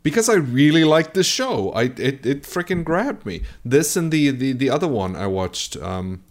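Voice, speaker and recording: Man co-host, mid-pitched, wry, rambles with fillers, bemused tone. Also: big pitch swings, moderate pace. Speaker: podcast co-host. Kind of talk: casual chat.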